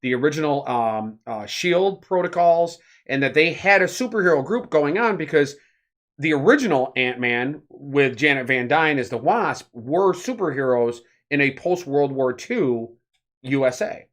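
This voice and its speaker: A man co-hosting a casual podcast, explaining at length in an animated, rambling way with many fillers. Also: fairly high pitch, normal speed. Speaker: podcast co-host.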